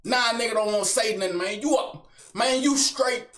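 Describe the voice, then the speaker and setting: Loud swaggering young man ranting. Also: moderate pace. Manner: loud, swaggering, swings between shouting and low mutters; slangy, keeps tagging lines with son and big brother. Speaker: comedic vlogger. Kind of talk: high-energy comedic rant to camera.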